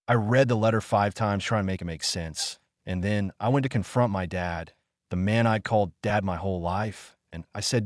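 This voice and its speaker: A man narrating a first-person story in a steady, measured reading. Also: lowish voice, no room sound, studio quality.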